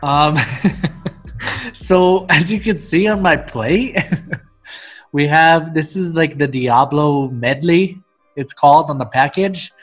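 A man hosting a casual video call chat, chatty and quick to laugh. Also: on the high side, soft background music. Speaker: host.

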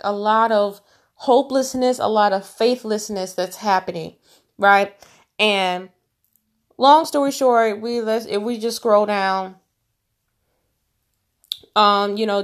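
A woman's voice: medium pitch, steady tone, slow pace, long pauses. A woman leading an informal Bible study, reading verses aloud and then talking them over. Her talk is loose and full of fillers and restarts. She presses hard on her strongest points. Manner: conversational, many fillers and restarts, gets emphatic. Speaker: Bible teacher.

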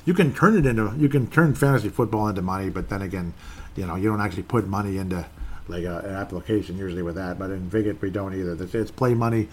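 A man talks alone into his podcast with a somewhat low voice. He rambles along casually and circles back over points he has already made. It sounds easy and unscripted. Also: fast talker, slight background noise. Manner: rambling, conversational, restarts and repeats himself. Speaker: podcast host. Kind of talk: casual solo podcast talk.

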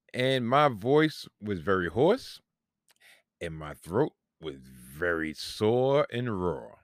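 A man's voice: on the low side, no room sound, studio quality. A man, hosting a solo podcast and telling a long, rambling, profane story about himself with self-mocking humor. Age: 40s. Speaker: podcast host.

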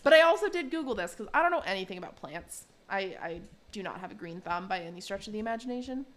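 A woman's voice: medium pitch, lively intonation, fast talker, fairly bright tone. A young adult woman co-hosting a podcast, recapping a show episode in a casual, giggly way and quoting characters in playful voices. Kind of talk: casual chat.

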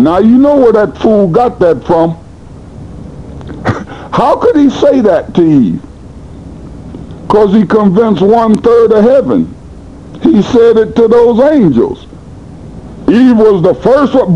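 A man preaching a sermon in a blunt, colloquial manner, swinging between high and low in animated bursts. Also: slow pace, pauses often, lo-fi sound. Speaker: pastor.

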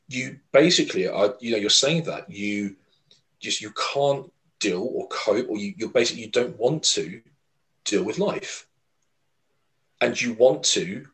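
A man's voice: mid-range voice, fairly bright tone, low-quality recording. A man co-hosting a podcast, talking earnestly in a rambling way with many fillers and restarts. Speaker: podcast co-host. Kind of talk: casual podcast chat.

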